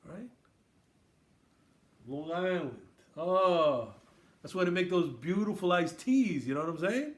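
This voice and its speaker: A man's voice: high-pitched, lively intonation, unhurried, long pauses. A man from Queens hosting a casual sports podcast, riffing and raising toasts. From Queens, New York. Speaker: podcast host.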